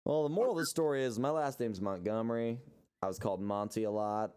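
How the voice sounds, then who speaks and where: A man's voice: medium pitch, quick pace, a little mellow, smooth. A young man co-hosting a podcast, rambling and joking in casual banter. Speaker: podcast co-host.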